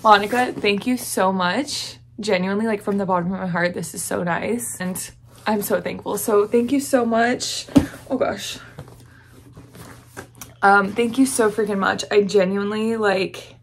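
A young woman with a Southern US accent gushes and gasps with breathless excitement through an unboxing vlog. Her mid-range voice moves at an unhurried pace, and there's a little hiss or hum in the audio.

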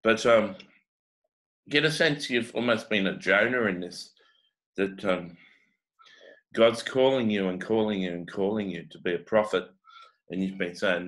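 Kiwi guy, lowish voice, lots of uh and um, doing a prophetic reading off the cuff. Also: a bit bright, low-quality recording. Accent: New Zealand. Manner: halting, full of uh and um. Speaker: prophetic teacher.

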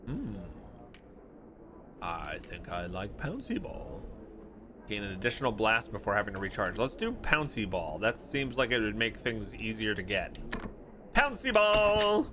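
A man's voice: on the low side, sing-song, moderate pace, background noise. A man streaming a video game, chatting and reading game text aloud, with game music behind. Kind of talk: let's play commentary.

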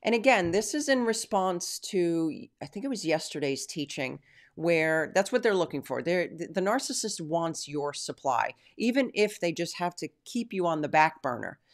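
A woman hosting a Christian teaching stream, praying and then answering viewer questions in an earnest, emphatic way with drawn-out stresses. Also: lowish voice, very animated. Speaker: Christian teacher and show host.

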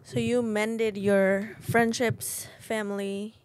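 A woman's voice: mid-range voice, level tone, slow pace, a little hiss or hum. A young woman co-hosting a podcast, speaking frankly and swearing casually as she chats. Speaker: podcast host. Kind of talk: casual chat.

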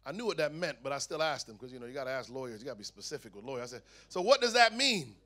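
A man giving his testimony at a youth camp meeting, telling the story in a lively way and acting out the dialogue. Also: mid-range voice, rapid-fire. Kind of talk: testimony sermon to a youth audience.

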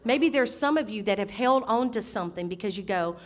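A middle-aged woman preaching a sermon as senior pastor, impassioned, with sudden loud outbursts. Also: medium pitch, lively intonation, a little fast.

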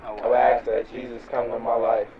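A young man playing a frustrated street hustler in a music video skit, agitated and shouting, recorded outdoors with traffic noise behind. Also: mid-range voice, flat delivery, normal speed, phone-quality sound, crowd noise, natural voice. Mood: repentant. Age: young adult.

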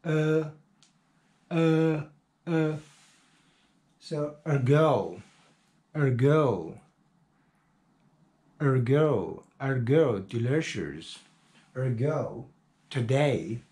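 A man with Chinese as his first language teaching English pronunciation, repeating words one at a time with drawn-out fillers. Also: medium pitch, animated, a little mellow, roomy sound. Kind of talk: slow pronunciation drill lesson.

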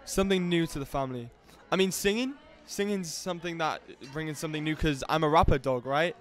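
A man, a voice actor, talking in a loud, energetic, hyper way as an interview guest. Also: a little high, brisk. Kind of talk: casual interview chat.

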